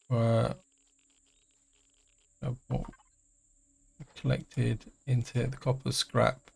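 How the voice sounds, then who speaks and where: A middle-aged man giving casual let's-play commentary, chatty and hesitant, thinking aloud with many pauses. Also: mid-range voice, creaky, slightly rough. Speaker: gaming channel host.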